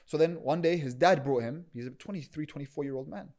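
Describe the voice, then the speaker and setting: A Muslim cleric telling a personal story in a sermon, talking casually, often repeating words as he goes, with animated asides. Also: fairly high pitch, quick pace. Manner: conversational, repeats words while searching for them, animated asides. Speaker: Muslim cleric giving a talk.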